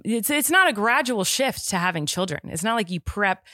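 A woman co-hosting a podcast in casual chat, talking in an animated way and quick to insist she is right. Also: medium pitch, dry recording, studio quality. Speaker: podcast co-host.

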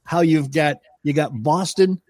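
A man's voice: on the high side, steady tone, unhurried, darkish tone, no room sound. A middle-aged man co-hosting a talk show in casual chat, full of jokes and punchlines. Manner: joking, punchline-driven. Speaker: co-host.

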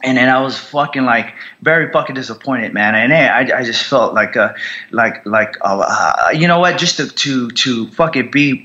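In an interview, a young Marine veteran tells his story bluntly, swearing heavily and restarting haltingly. His mid-range voice has a sharp tone, and the audio is lo-fi.

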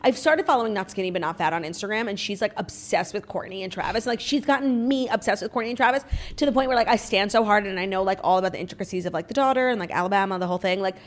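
A young-sounding woman co-hosting a chatty podcast, talking quickly and with firm opinions. She fills her speech with "like" and tosses in casual swearing. Her pitch sits in an ordinary middle range. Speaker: podcast co-host. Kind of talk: casual pop-culture chat.

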